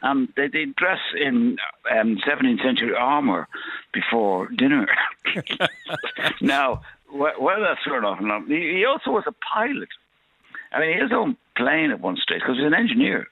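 A man, a radio guest telling lively anecdotes in a chatty, laughing way. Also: mid-range voice, moderate pace, no room sound. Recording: dull lo-fi line.

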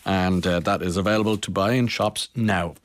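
Chatty Irish radio host, lowish voice. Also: male voice, fairly even intonation, moderate pace, dry recording, studio quality. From Ireland. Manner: chatty, hesitant, many fillers. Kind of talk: radio interview.

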